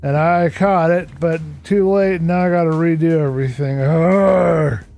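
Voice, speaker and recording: A man's voice: fairly high pitch, fairly even intonation, normal speed, darkish tone. A tired, worn-out man streaming a building game, rambling to himself as he works and greeting viewers in chat. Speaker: Minecraft streamer. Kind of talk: casual live-stream commentary while building. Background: background game music.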